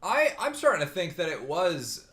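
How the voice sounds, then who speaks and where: A man's voice: fairly high pitch, wildly swooping pitch, normal speed, a bit bright. A man hosting a casual let's play, commenting in a joking, profane, rambling way.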